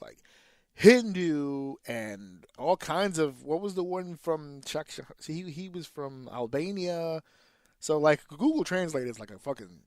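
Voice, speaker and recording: A man on a podcast talks in a blunt, animated way and swears freely as he vents about teaching. His voice sits a little high for a man. The recording is dry and close, with no room sound. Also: no echo. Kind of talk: casual profane podcast chat.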